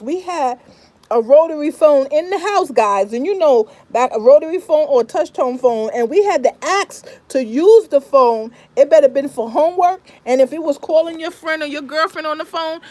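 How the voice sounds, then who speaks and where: A middle-aged woman from the Bronx, New York, chats casually with her family vlog viewers, speaking emphatically and repeating herself. Her voice is high-pitched with a darkish tone and no echo.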